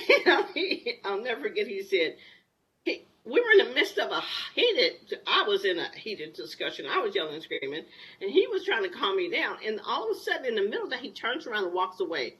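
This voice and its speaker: A woman in her sixties, a talk show guest, telling a personal story in a lively, candid way. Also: mid-range voice, brisk, rough recording.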